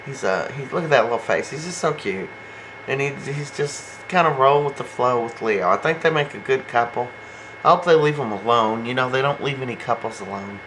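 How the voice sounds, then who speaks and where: A man's voice: mid-range voice, expressive, brisk, fairly bright tone, slight background noise, low-quality recording. A man casually recapping a soap opera episode in a gossipy, chatty way. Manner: gossipy and chatty, retells scenes with quotes.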